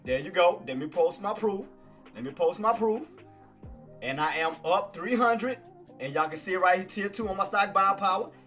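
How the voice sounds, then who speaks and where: A man giving live trading commentary, excitable and boastful, repeating himself as he shows his gains to viewers. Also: high-pitched, moderate pace, faint music behind. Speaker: day-trading streamer.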